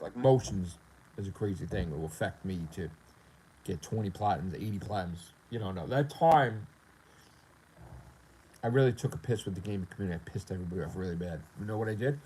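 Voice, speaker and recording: A man's voice: lowish voice, mellow, slight background noise, rough recording. A man talking casually on his gaming livestream in a profane, boastful, rambling way. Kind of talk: casual live-stream rant.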